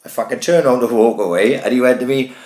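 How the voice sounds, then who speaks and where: A man, co-hosting a casual podcast and telling a long, sweary, animated anecdote. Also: mid-range voice, fast, echoey room. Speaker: podcast co-host. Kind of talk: casual chat, storytelling.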